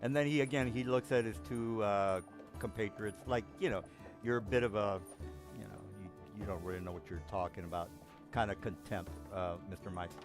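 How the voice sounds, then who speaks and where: A man narrating a tabletop game as game master, halting with many ums and restarts. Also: lowish voice, music in the background.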